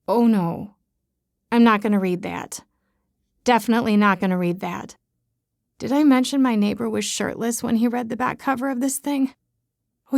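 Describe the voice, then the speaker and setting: A woman's voice: a little high, creaky, darkish tone, no room sound, studio quality. A woman narrating a romance audiobook in the first person, chatty and self-mocking.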